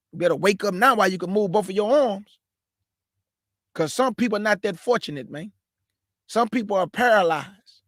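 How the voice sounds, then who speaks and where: In a high voice with no echo and studio quality, a male host and preacher delivers a fervent, repetitive live message to young people, often calling them "man" and "family."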